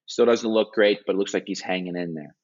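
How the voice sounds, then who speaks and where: A hockey analyst in an interview, retelling a story earnestly and animatedly, with frequent restarts and filler words. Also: male voice, low voice, fairly quick. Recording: dull lo-fi audio.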